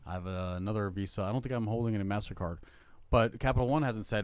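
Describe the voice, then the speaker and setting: A middle-aged man talking casually on a podcast, his voice smooth and resonant. The sound is dry and close, with no room echo. He rambles, stacking fillers and restarting his sentences. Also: fairly low pitch, fast talker. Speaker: podcast co-host. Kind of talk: casual chat.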